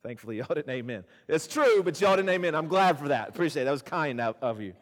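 A man's voice: on the high side, expressive, fast. A male pastor, preaching a sermon in a conversational way, with asides to the congregation and repeated phrases for emphasis. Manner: repeats phrases for emphasis, swings from loud to hushed. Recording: long hall reverb.

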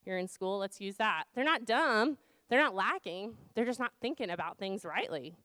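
A woman's voice: medium pitch, expressive, normal speed, sharp tone, dry recording. A woman in her thirties, a campus ministry team leader, giving an informal Bible talk to students, conversational with many fillers and rhetorical questions.

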